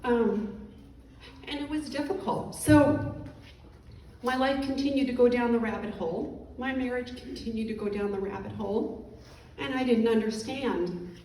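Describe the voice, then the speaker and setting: A woman's voice: a little high, warm tone. Emotional middle-aged woman, echoey hall. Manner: tearful, apologetic, halting. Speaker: veteran speaker. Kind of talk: emotional personal testimony. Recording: echoey room, distant mic, faint noise.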